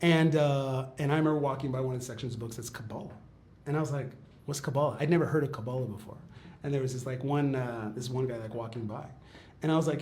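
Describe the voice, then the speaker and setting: A man, a rabbi telling a personal story in a chatty, animated way. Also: medium pitch, fast, slight background noise. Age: 40s. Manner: chatty, quotes others in acted asides, lots of "like" and "okay". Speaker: rabbi and teacher. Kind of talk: storytelling talk on a live-stream.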